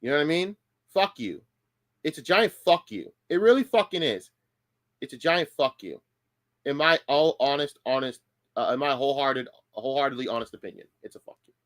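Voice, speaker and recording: A man streams live from his home setup, reacting with heated, profane outrage. His pitch swings widely between low grumbles and sudden high outbursts. He stammers and restarts his sentences as he works himself up. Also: expressive, normal speed, fairly bright tone.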